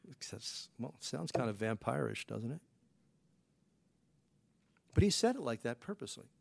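With a gravelly, sing-song, mid-range voice, this man preaches at a normal speed. His sermon is folksy and conversational, packed with rhetorical questions and repeated "you know"s.

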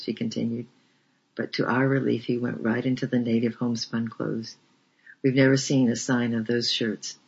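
A man reads a memoir aloud in a measured storybook narration, his pitch held narrow and even. His voice is gravelly and husky, and the recording is dull and lo-fi. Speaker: audiobook reader.

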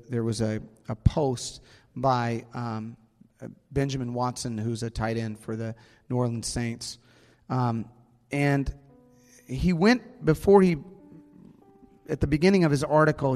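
A man preaching a sermon as pastor, earnest and slowing down to stress key words, in a church sanctuary. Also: mid-range voice, a little mellow. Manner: earnest, slows down for emphasis. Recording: long hall reverb, faint music.

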